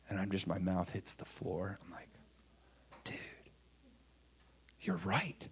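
A man preaching a sermon, telling his own testimony in an animated way, dropping to hushed asides and rising to excited shouts. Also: sits low, slow pace, pauses often, breathy edge.

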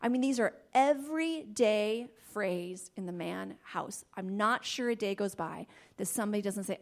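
A woman giving a faith-based talk on marriage, animated, laughing often and dropping into soft asides. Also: mid-range voice, normal speed, gravelly, hardly any pauses. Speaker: Christian marriage teacher.

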